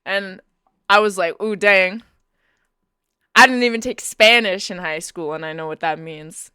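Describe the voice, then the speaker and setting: Bright, crisp-voiced young woman streamer. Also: lowish voice, a little fast, no room sound, clean studio sound. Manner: playful and teasing, laughs often. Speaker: live streamer. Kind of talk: casual live-stream chat. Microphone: Bluetooth headphones.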